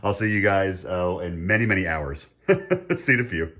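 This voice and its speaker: A middle-aged man chatting casually as he cooks at home, laughing often and getting excited. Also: low voice, moderate pace. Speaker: home cook. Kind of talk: casual cooking vlog.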